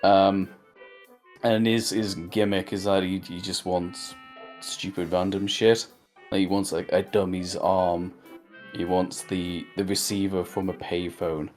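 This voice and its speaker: A man's voice: low voice, little pitch movement, measured pace, a little mellow, soft background music. A man co-hosting a casual review chat, rambling through jokey recaps with lots of fillers. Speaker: podcast co-host.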